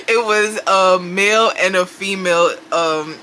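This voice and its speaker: A woman telling a personal story in a casual, animated way, acting out her own panicked lines. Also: lowish voice, takes it slowly, slight background noise.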